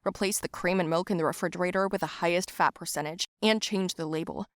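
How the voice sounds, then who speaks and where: A bossy, take-charge young man, as a woman narrator voices him in an animated storybook. He talks firmly and lays out instructions step by step. The recording is dry and close. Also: fairly low pitch, quick pace, dry recording, lightly acted. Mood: instructive. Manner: firm, instructive. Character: bossy, helpful young male friend.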